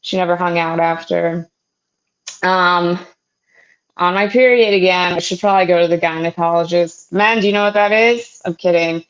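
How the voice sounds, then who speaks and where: A young woman doing a stand-up comedy set, with a halting delivery full of fillers and restarts. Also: lowish voice, steady tone. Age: young adult. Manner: halting, filler-heavy delivery with self-deprecating jokes. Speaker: stand-up comic. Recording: muffled lo-fi sound.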